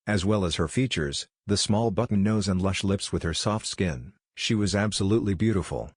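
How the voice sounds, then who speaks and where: A man narrating a fanfiction story in a measured, even scripted read. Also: sits low, dry recording, clean studio sound.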